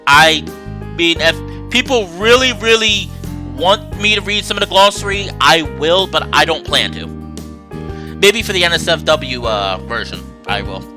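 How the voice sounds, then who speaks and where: A man's voice: a little high, animated, normal speed, over music. A young man streaming a visual novel, reading it aloud and chatting to viewers in a playful, apologetic way.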